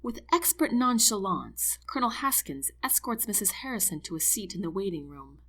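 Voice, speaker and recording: A woman reading a first-person novel aloud, expressive, slipping into whispers for inner thoughts. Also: fairly low pitch, normal speed, few pauses. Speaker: audiobook narrator. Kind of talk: first-person scripted narration.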